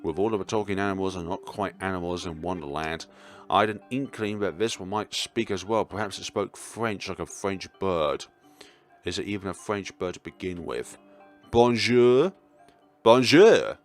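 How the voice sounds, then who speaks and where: A young man reading a visual novel aloud, throwing in animated asides and jokes. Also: low-pitched, normal speed, faint music behind. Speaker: gaming YouTuber.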